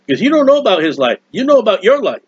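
Middle-aged male lay preacher, high voice, excitable rambling sermon, dull dry lo-fi recording. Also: rapid-fire, slightly rough, no room sound. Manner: animated, rambling, exclamatory. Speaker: preacher of a hymn channel. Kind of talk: impassioned home sermon. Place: at home.

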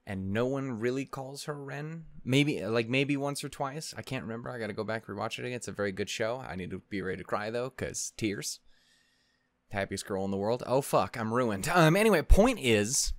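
A young man hosting a reaction video, talking in a playful, rambling way that swings from mock-stern mutters to loud bursts. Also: medium pitch, no room sound. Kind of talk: casual solo chat before a reaction.

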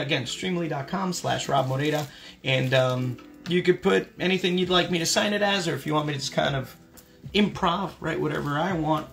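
A young man chats easily with his stream viewers while he signs autographs, upbeat and friendly. His voice sits a little high and has a gravelly edge. Faint music plays behind him. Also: fairly bright tone. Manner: laid-back, upbeat, chatty with viewers. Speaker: voice actor signing autographs on a livestream. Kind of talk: casual livestream chat.

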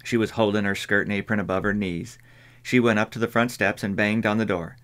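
A man reading an audiobook in measured scripted narration. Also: lowish voice. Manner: measured, even storytelling.

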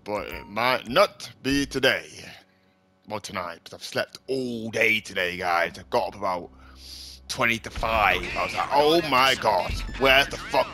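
A man's voice: on the low side, a little slow, bright, forceful tone. A man giving hyper, crude, joking commentary while he plays a video game. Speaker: gaming YouTuber. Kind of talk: casual gameplay commentary. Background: game music.

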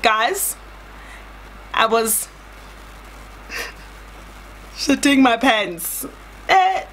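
A young woman from South Africa telling a dramatic story in a chatty, animated way, often calling her viewers "guys". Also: sits high, slight background noise. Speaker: vlogger. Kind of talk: storytime vlog.

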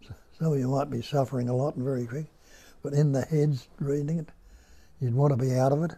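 An older man with an Australian accent, giving a slow, musing spiritual talk at home and putting rhetorical questions to his listeners. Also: medium pitch, steady tone, warm tone, slightly rough. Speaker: spiritual teacher. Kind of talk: unhurried nondual teaching talk. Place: indoor room at home.

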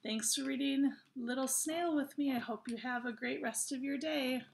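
A woman teaching kindergarten, reading a poem aloud to young children in a cheerful, encouraging way and drawing the words out slowly. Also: high-pitched, creaky. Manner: slow, drawn-out reading for kids.

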